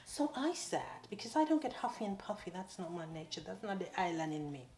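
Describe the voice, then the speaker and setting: A woman's voice: lowish voice, fairly quick, few pauses. A woman from the Caribbean telling a comic storytime, acting out dialogue with big swings and sudden whispers. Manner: animated, dramatic quoted voices, drops to whispers. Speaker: vlogger. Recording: echoey room with faint noise.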